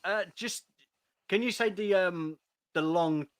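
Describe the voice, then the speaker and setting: A man's voice: sits high, slow pace. A man co-hosting a casual watch-along, playful and teasing, laughing often. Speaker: co-host.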